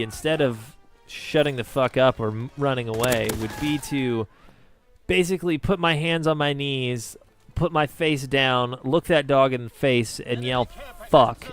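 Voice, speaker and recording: A young man casually telling a story from his own life, swearing often and mocking himself. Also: medium pitch. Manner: profane, self-mocking, animated retelling. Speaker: vlogger.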